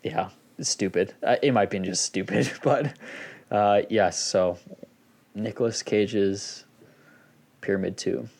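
Low-voiced laid-back male podcaster. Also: takes it slowly, creaky, pauses often, a little mellow. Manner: laid-back, rambling with fillers. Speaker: podcast co-host. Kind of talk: casual group chat.

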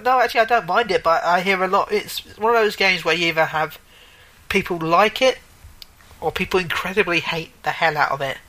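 Guy on a gaming podcast, bright voice, rambly and jokey, keeps fixing his own words. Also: sits high, brisk, rough recording. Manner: rambling, self-correcting, joking. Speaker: podcast co-host. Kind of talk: casual gaming chat.

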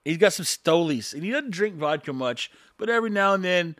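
A man's voice: sits high, expressive, fairly quick, a bit bright, no echo, studio quality. A man, a construction worker, in a sarcastic, rambling opinion monologue to his viewers.

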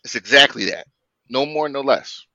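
A man co-hosting a podcast in casual debate chat, halting and repeating words as he makes his critique. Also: mid-range voice, vocal fry, sharp tone, dry recording, lo-fi sound. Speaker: podcast co-host.

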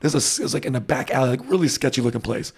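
A man's voice: mid-range voice, racing, slightly rough. A man telling a travel story in casual chat, with many fillers and restarts. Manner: rambling, animated anecdotes with many fillers and restarts.

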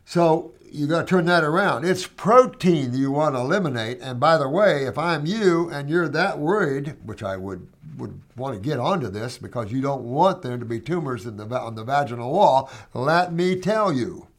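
A man's voice: medium pitch, animated, moderate pace, few pauses. A man hosting a question-and-answer show, talking in a blunt, emphatic, folksy way as he answers viewers. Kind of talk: casual Q&A monologue.

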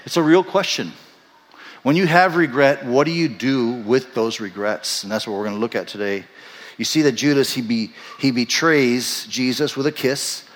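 A male pastor delivers a sermon at a normal speed, animated as he narrates and voices the characters he quotes. He grows soft and low in reflective passages, all echoing with a long hall reverb.

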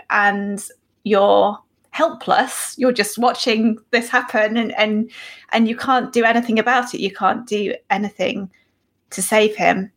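A woman hosts a conversational interview, gentle and sympathetic in how she talks. She speaks in a middle pitch and stays softly supportive of her guest. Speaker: podcast host, interviewer.

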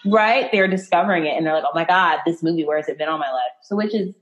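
A woman's voice: on the low side, fast, muffled recording, a loud crowd. A woman hosting a casual podcast chat, retelling a film with enthusiasm and filler words. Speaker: podcast host.

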